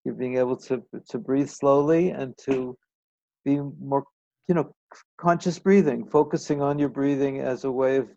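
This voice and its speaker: A man's voice: mid-range voice, fairly even intonation, normal speed, vocal fry, mellow, no room sound. A man talking as a client in a casual conversation, hesitant with stammering restarts, on a dull recording.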